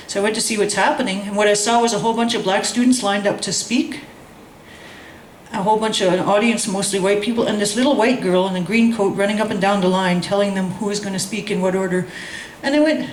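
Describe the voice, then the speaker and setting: A woman telling a personal story in a lively, animated way, acting out the voices of others with laughter. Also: mid-range voice, quick pace, echoey room, slight background noise. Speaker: guest storyteller. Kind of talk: casual storytelling.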